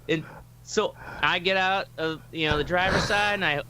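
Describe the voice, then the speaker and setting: Animated high-voiced storyteller man. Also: normal speed, clean tone. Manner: animated, acts out quoted voices, swears freely. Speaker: podcast host telling a story. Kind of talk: casual storytelling.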